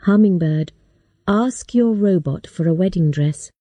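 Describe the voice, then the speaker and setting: A woman voicing a sad, gentle father who resignedly tells his daughter she must marry. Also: lowish voice, a little slow, no room sound.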